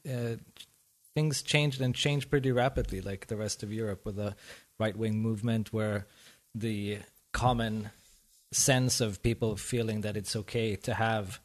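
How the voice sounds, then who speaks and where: A man from Iran who grew up in Sweden, a guest chatting in a relaxed, rambling way on a podcast. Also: lowish voice, unhurried. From Iran, raised in Sweden. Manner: relaxed, rambling, frequent laughs. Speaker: guest musician. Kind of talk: casual podcast chat.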